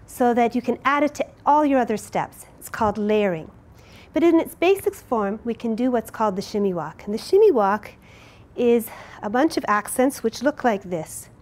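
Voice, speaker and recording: A woman's voice: a little high, a little mellow. A middle-aged woman teaching a belly dance step, explaining it patiently and counting out each move. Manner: clear, patient, counting out moves.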